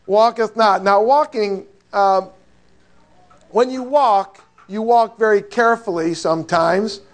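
A man preaching a sermon in a conversational, joking way, asking his listeners rhetorical questions. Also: sits high.

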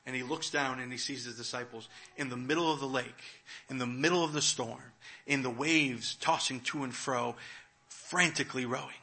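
A man preaching a sermon, retelling a scripture story and swinging between hushed, quiet moments and loud, dramatic ones. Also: medium pitch, fairly even intonation, moderate pace. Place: church.

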